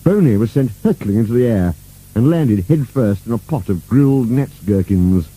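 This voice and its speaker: Warm husky low man reading a storybook, lively swooping delivery. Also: moderate pace, low-quality recording. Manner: expressive, playful reading. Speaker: narrator. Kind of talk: storybook narration.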